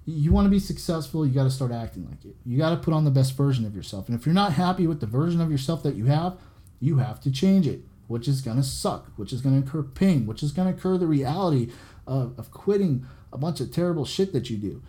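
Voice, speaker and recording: A man with a very dark, mellow voice delivers a casual motivational talk on his podcast. He is blunt and profane, and he hammers the same points again and again in loose, conversational phrasing. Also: on the high side, expressive, quick pace. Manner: blunt, profane, repetitive and preachy. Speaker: podcast host. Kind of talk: motivational monologue.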